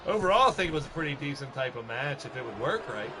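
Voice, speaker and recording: A man doing loose, chatty commentary over a wrestling video game on a live stream, giving shout-outs to his chat. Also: mid-range voice, big pitch swings, quick pace. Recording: noisy game stream with background noise.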